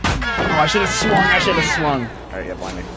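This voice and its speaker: A young man giving live commentary on his own gameplay, muttering under his breath one moment and yelling out the next. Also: a little high, moderate pace. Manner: excitable, swings between mutters and loud outbursts. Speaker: streamer. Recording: loud game music underneath.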